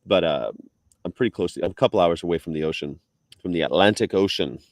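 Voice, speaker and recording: A man chatting on a live stream, his voice sitting on the low side. He laughs often and jumps into high, playful voices whenever he quotes someone. The sound is close and dry, with no room echo. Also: quick pace. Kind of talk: casual chat.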